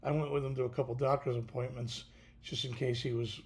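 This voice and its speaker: A tired man hosting a casual livestream, talking haltingly with many fillers and restarts. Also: medium pitch, little pitch movement, a little mellow. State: tired, yawning. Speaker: podcast host.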